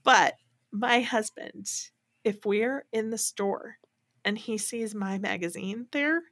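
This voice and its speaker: A woman's voice: medium pitch, slow pace, a bit bright. A middle-aged woman co-hosting a podcast over a remote call. She chats in a self-deprecating way, with lots of fillers. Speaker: podcast co-host. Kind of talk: casual chat. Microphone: remote call setup.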